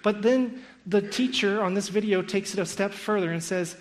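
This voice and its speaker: A man retelling a story in an animated talk, acting out the quotes with a sarcastic edge. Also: high voice, moderate pace, hardly any pauses. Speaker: speaker critiquing a school curriculum.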